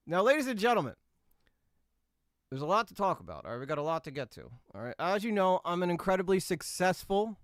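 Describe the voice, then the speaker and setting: A man's voice: high-pitched, a bit bright, clean tone, no echo, studio quality. A man impersonating a brash boastful YouTuber. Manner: cocky, rambling, repeats "all right?". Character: brash boastful male drama-news YouTuber. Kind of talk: comedic impression.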